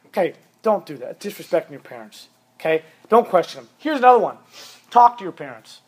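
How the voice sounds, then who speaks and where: Man, 30s, youth pastor, fairly high voice, emphatic sermon, repeats his points. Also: animated, fast, slightly rough. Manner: emphatic, repeats commands for stress.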